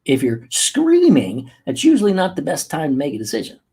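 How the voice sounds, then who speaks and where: A man hosting a motivational podcast as a coach, talking emphatically and moving from slow, soft passages to quick bursts. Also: on the high side, huge pitch swings, breathy edge. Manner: emphatic, acts out angry outbursts.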